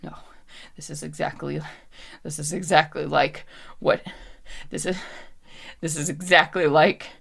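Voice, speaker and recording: A panicked woman slowly turning into something undead, as a woman game master plays her. She pleads and lashes out by turns, her low, gravelly voice dropping into hushed, desperate whispers. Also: fairly even intonation, heavily acted. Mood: frantic. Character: frantic woman turning undead, losing control.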